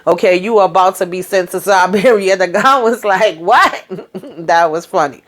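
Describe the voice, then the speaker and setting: A woman in a casual, animated recap, speaking. She slips into the characters' voices as she retells scenes and keeps checking in with her listeners. Her pitch sits in the middle range for a woman. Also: normal speed. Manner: colloquial, peppered with "okay?" and "you know". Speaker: YouTube show recapper.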